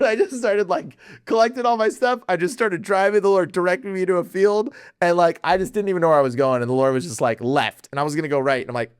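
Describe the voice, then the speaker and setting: A man telling a personal story as a podcast guest, excitable and slangy, laughing often and jumping high in his voice when worked up. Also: fast talker, clean tone, dry recording, clean studio sound.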